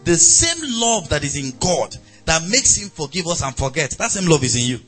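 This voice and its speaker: Animated Nigerian pastor preaching. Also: male voice, on the high side, moderate pace, slightly rough, faint music behind. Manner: animated preaching, acts out angry voices, laughs. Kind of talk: sermon.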